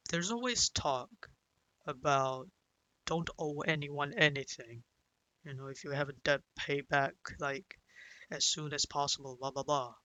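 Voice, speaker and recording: A young man recounting a painful personal story, speaking hesitantly with many restarts and pauses. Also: a little high, bright, forceful tone, no echo, rough recording. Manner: hesitant, full of restarts and "you know"; sighs and breaks down into whispers at emotional moments. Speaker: vlogger.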